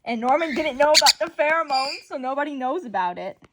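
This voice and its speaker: A woman in casual commentary, excitedly recapping a comic book story and acting out the characters' lines. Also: high voice, a little fast. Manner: excitable, exclaims often, acts out characters' lines.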